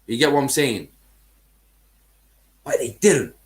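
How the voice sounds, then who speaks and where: A man's voice: mid-range voice, animated, slow. Heated man ranting with slang. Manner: heated, swearing, heavy street slang. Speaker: football podcast host. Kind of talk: casual ranting podcast chat.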